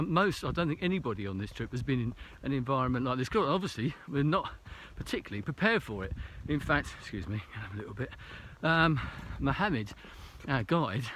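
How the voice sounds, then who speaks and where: A man's voice: fairly high pitch, a bit bright, slight background noise. A man talking casually to a camera while hiking a snowy mountain trail, a little out of breath, rambling and hesitant with many fillers. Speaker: vlogger.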